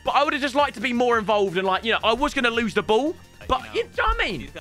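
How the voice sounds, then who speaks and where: A young man, reacting loudly to match footage as a YouTuber, shouting at the screen and bantering in slang. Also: extremely high pitch, big pitch swings, fast talker, faint music behind. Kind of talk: excited reaction commentary over match footage.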